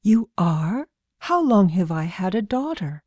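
A woman voicing a surly, sharp-tongued young scholar in a storybook reading, talking tersely and dryly. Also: mid-range voice, sing-song, unhurried, no room sound, highs cut off.

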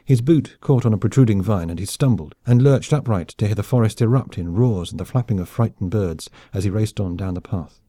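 A man narrating an audiobook in a brisk, wry storytelling manner. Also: on the low side, dark tone, no room sound. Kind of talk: scripted narration.

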